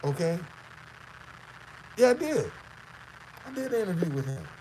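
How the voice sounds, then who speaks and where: Slow, emphatic Southern man. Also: sits high, sing-song, dark tone, slight background noise, low-quality recording. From Southern United States. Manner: emphatic, repeats himself, rhetorical questions. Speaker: host. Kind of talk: casual commentary reacting to a clip.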